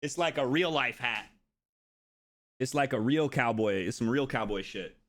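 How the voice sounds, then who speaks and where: Streaming live, a man casually tells his chat a story, swearing freely and mimicking what other people said in a higher voice. He talks at a normal speed with a fairly bright tone, and there's no echo.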